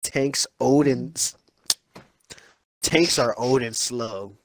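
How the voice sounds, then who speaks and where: A man reading game reviews aloud with a friend over voice chat, deadpan and profane. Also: medium pitch, very slow, slight background noise, rough recording. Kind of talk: casual voice-chat banter. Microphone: voice chat mic.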